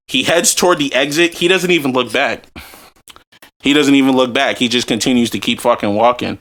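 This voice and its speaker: A young man hosting a podcast, telling a story in casual chat, animated and profane, often breaking into laughs. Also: mid-range voice, fairly quick. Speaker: podcast host.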